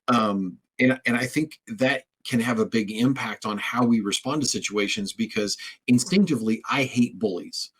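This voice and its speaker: A podcast host conducts a conversational interview, telling rambling stories with frequent restarts and repeated words. His voice is medium-pitched and husky at a moderate pace, and the audio quality is poor.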